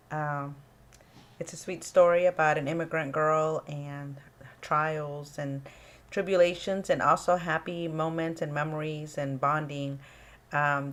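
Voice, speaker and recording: Low-voiced woman explaining publishing, unhurried. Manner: unhurried, with frequent ums and pauses. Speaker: author and small publisher. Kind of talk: casual informational talk to camera.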